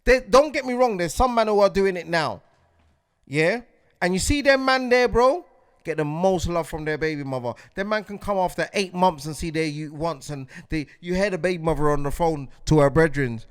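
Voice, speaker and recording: A fired-up man in his forties holds forth as a podcast host, his voice sitting high for a man. He circles back over his points again and again, checking in with "do you get what I'm saying." The recording is dry and close, with no room sound. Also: clear, resonant tone, no room sound. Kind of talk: impassioned podcast monologue.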